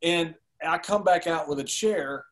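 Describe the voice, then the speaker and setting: Male interview guest, fairly high voice, animated storyteller who laughs along. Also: measured pace.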